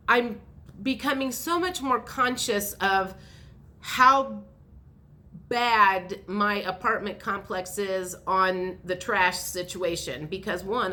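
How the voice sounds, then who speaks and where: A woman's voice: mid-range voice, pushed and bright. A woman telling a rambling story in a casual vlog, with many fillers and restarts. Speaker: vlogger.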